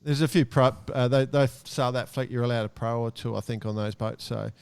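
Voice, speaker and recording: A man co-hosting a podcast, throwing in cheeky quick remarks. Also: mid-range voice, steady tone, creaky, darkish tone, clear, resonant tone, dry recording. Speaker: podcast co-host. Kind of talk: casual chat.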